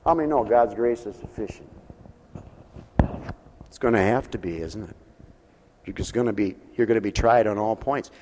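A man's voice: fairly low pitch, normal speed, long pauses, slight background noise. Folksy preacher man in a reverberant hall. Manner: folksy and pastoral, speaks directly to listeners with call-and-response questions; swings between soft intimate asides and loud rising exhortation. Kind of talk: sermon. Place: mission hall with a congregation. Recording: long reverb of a large hall.

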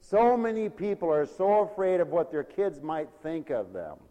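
Male preacher, lively pitch and laughing often, swings from loud to soft; echoing hall. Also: normal speed, dull audio. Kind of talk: sermon.

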